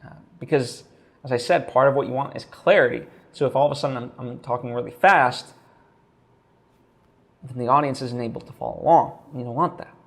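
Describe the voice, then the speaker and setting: A man's voice: medium pitch, brisk, gravelly, fairly bright tone. A man talking straight to camera in a casual vlog, thinking aloud with lots of fillers and restarts. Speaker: vlogger.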